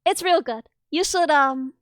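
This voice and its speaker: A woman's voice: sits high, measured pace, dry recording, clean studio sound. A young adult woman streaming casually, chatting with her viewers, gasping and squealing at messages and rambling through asides. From not Australian. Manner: excitable, gasps and squeals at chat, rambling asides. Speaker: VTuber streamer. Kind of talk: casual stream chat reading chat.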